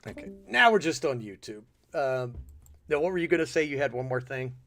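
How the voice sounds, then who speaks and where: A man hosting a podcast in casual chat, reacting excitably to clips and laughing often. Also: mid-range voice, brisk. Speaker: podcast host.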